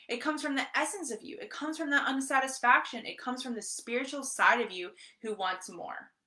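A woman leads a live mindset training with a bright, forward voice. She speaks with energy and repeats her key points. She keeps turning to her listeners with quick check-ins. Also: medium pitch. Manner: energetic, repetitive, often asks "right?" and says "guys". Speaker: mindset coach. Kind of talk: live motivational training talk.

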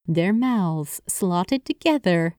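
Slow, expressive woman narrator. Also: fairly low pitch, smooth, no echo, clean studio sound. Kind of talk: audiobook narration of fan fiction.

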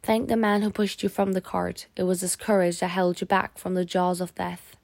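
A woman voicing a kindly older French man, a prisoner who speaks calmly and gently in an audiobook. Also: high voice, vocal fry, no echo. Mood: gentle. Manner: calm, kindly, measured. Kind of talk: audiobook character voice.

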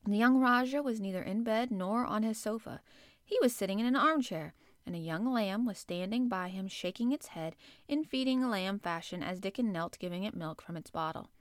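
With a mid-range voice, a woman narrates a children's classic as a scripted audiobook, keeping a measured storytelling pace. The sound is clean and studio-dry.

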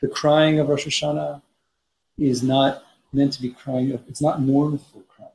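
A man's voice: medium pitch, level tone, measured pace, darkish tone. A man teaching a Torah study class, reading Hebrew passages aloud and explaining them in English with frequent restarts. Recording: roomy echo, faint noise.

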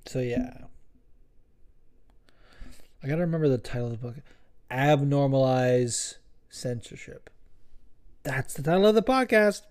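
A man's voice: mid-range voice, expressive, measured pace, long pauses, darkish tone. A young man hosting a podcast, chatting in a rambling, profane, joking way. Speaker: podcast host. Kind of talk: casual podcast chat.

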